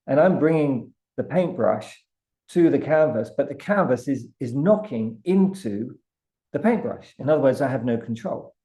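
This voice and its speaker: A man with a British accent, a guest artist telling a vivid, animated story with frequent restarts. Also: medium pitch, normal speed. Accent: British English. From Britain. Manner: vivid, building anecdote with many restarts.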